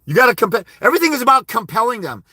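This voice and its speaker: A man's voice: very high voice, sing-song, rapid-fire, sharp tone, husky, dry recording, clean studio sound. A man hosting a live advice stream, speaking bluntly and emphatically, urging listeners to confront the court. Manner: mimics timid speakers with mumbling "wah wah". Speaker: host giving legal advice.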